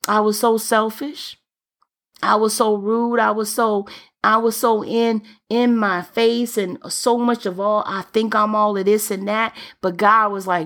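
A woman delivers a sermon as a preacher, her voice sitting at an ordinary middle pitch. She talks emphatically and returns to key phrases again and again to press her point home. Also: flat delivery, unhurried, a bit bright.

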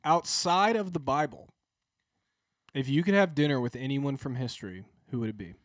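A man's voice: medium pitch, normal speed, no echo, studio quality. A man hosting a podcast, asking light questions in an easygoing way. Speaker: podcast host. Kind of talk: casual interview.

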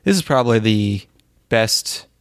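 A man's voice: lowish voice, animated, a little slow, no echo, studio quality. Rambling, profane man chatting on a podcast. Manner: rambling, profane, full of filler words. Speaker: podcast co-host. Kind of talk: casual podcast chat.

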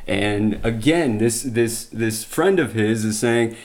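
A man's voice: fairly low pitch, slow pace, hardly any pauses. A man teaching a Bible study, retelling scripture stories in plain everyday words with restarts and asides.

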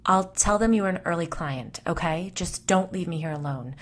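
A woman's voice: lowish voice, normal speed, natural voice. A woman narrator voicing a grieving salon owner who pleads tearfully. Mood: pleading.

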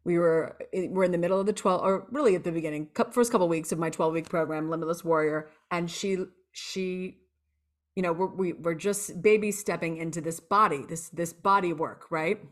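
A woman's voice: on the low side, moderate pace. A woman coach, a guest on a podcast, chatting candidly and acting out past moments as she talks. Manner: lively and expressive, acts out her own past lines. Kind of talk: candid storytelling interview chat.

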